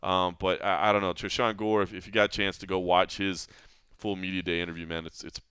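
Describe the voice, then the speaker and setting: A man's voice: sits low, flat delivery, a little fast, fairly bright tone, clear, resonant tone, dry recording. A man hosting an MMA podcast, talking in an earnest, reflective way with frequent restarts. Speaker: podcast host. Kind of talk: casual MMA podcast talk.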